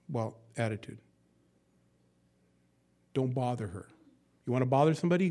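A man's voice: mid-range voice, moderate pace, long pauses. Emphatic man preaching a Bible sermon. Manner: swings between hushed asides and loud emphatic verse reading; conversational, with folksy jokes and acted-out quotes. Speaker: pastor. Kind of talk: expository sermon.

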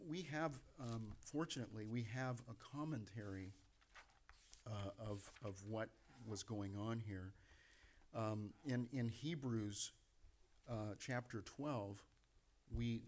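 A man gives a Bible teaching sermon in an easy, conversational style. His voice sits at a middle pitch, and he often restarts his phrases and laughs softly between points. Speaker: preacher.

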